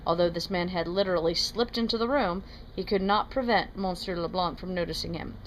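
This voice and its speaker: Woman reader, slightly low, steady read-aloud, faint hiss. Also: fairly quick, low-quality recording. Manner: steady, plain reading with small self-corrections. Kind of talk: reading a novel aloud.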